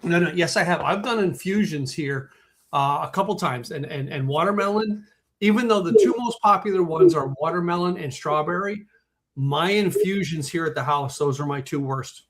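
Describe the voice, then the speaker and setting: A man's voice: on the high side, normal speed, a bit bright. A man, hosting a podcast in casual chat, enthusiastic and tripping over repeated words. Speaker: podcast host.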